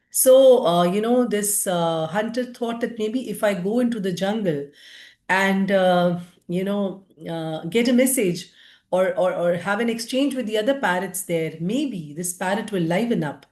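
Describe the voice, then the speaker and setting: A woman's voice: mid-range voice, darkish tone. A woman giving a lecture-style book review, often hesitant with fillers and restarts. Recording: roomy echo.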